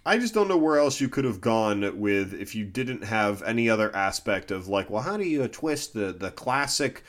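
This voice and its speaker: A man's voice: on the low side, sing-song, moderate pace. A man co-hosting a casual film review podcast, talking in a teasing, conversational way. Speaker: podcast co-host.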